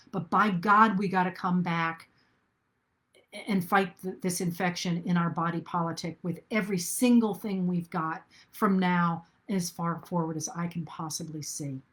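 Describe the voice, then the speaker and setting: A middle-aged woman hosting a live video talk to her viewers, earnest and thinking aloud, with restarts and fillers. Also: mid-range voice. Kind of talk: casual live-stream talk.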